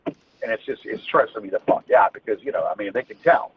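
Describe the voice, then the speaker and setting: A man's voice: fairly low pitch, animated, a little fast. A man on a phone call, ranting angrily with heavy swearing and stammered restarts. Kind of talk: heated phone conversation. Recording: tinny phone line with faint noise.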